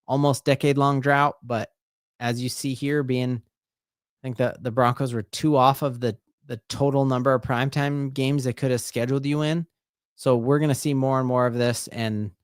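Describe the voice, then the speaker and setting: Excitable man calling a game live. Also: medium pitch, clean tone, no room sound, studio quality. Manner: excitable, bursts into loud repeated exclamations; rambling, casual, full of fillers and restarts. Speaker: fan streamer doing live play-by-play. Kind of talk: live fan play-by-play commentary.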